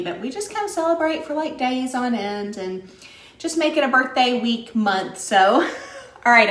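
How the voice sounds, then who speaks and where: A West Virginia woman hosts a live cooking stream, her voice on the high side and a bit bright. She chats upbeat with viewers and laughs often, and the room sounds echoey.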